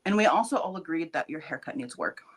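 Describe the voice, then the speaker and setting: A woman's voice: sits low, lively intonation, fast talker, breathy edge. A woman guest in a comedy interview, answering in a dry, teasing way. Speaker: guest representative.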